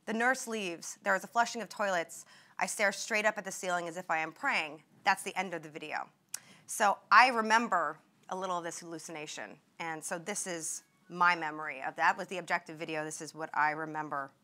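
A young woman reading aloud from her own memoir at a talk, in a measured, vivid way. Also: fairly low pitch, bright, forceful tone. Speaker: author and former patient.

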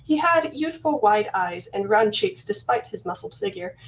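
A woman reading her own fantasy novel aloud in the first person, with steady, measured storytelling. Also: mid-range voice. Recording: voice slightly distant from mic.

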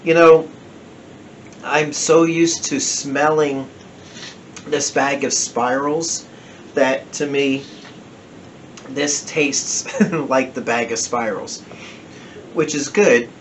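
New Jersey man, unhurried delivery, rambling casual review, faint ambience behind. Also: mid-range voice, steady tone, a little hiss or hum. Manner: rambling, self-correcting, chatty. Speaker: whiskey reviewer. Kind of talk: casual home review vlog. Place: home den.

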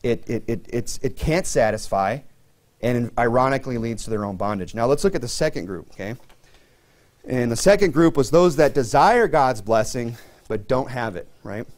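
Male pastor for a church sermon: plain, chatty delivery full of fillers, pushes up in pitch to stress points. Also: animated, moderate pace, a little mellow. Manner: conversational preaching, many fillers, rises in pitch for emphasis.

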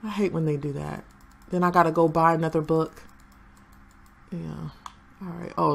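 A woman's voice: sits low, little pitch movement, normal speed, creaky, long pauses, slightly rough. A young woman chatting through her gameplay and talking to the game characters. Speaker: gaming channel host. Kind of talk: casual gameplay commentary.

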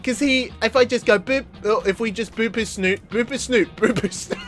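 Excitable high-voiced gaming host. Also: male voice, a little slow, soft background music. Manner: excitable, yelling and laughing at the game. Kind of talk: let's play commentary.

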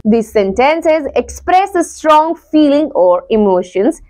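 High, lively-voiced woman teacher. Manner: explains slowly, repeating each example. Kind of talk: classroom grammar lesson.

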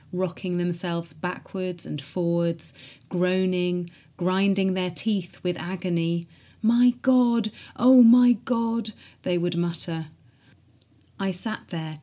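A woman reading a diary aloud in a measured, earnest way. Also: on the low side, warm tone.

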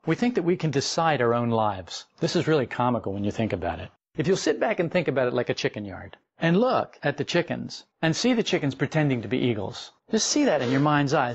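A man's voice: medium pitch, gravelly, lo-fi sound. Folksy man giving a wry spiritual talk. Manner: folksy, wry, with playful acted asides. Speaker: esoteric teacher. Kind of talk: spoken lecture.

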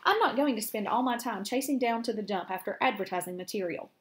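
A woman's voice: fairly high pitch, quick pace, close to an everyday voice. A woman voicing a grudging, sarcastic male barn rat while reading a storybook aloud to children. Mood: grumbling. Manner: grumbling, sarcastic.

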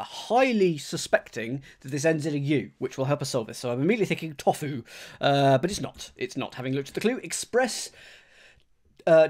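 His voice is medium-pitched and slightly mellow as he streams live, working through a crossword. He talks casually to his audience, reasoning aloud and reading every clue again slowly.

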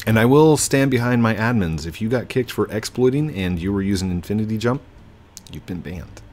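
A man with a lowish voice talks slowly through a gameplay session, apologetic but unbending as he lays down the rules. Faint typing can be heard behind him. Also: darkish tone, a little hiss or hum. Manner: apologetic yet firm, lecturing players. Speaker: gaming YouTuber. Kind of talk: casual gameplay commentary.

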